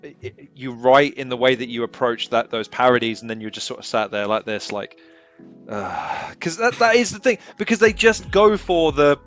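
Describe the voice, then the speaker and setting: A man's voice: mid-range voice, animated, moderate pace, fairly bright tone, soft background music. A man hosting an interview, talking in an emphatic, opinionated way and swearing freely. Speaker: host. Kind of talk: casual interview chat.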